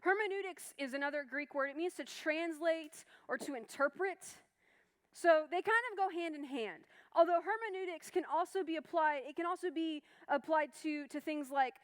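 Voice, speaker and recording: High-voiced woman teaching a class. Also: normal speed. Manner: chatty and reassuring, many fillers and restarts. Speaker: Bible study teacher. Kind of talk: informal class lecture.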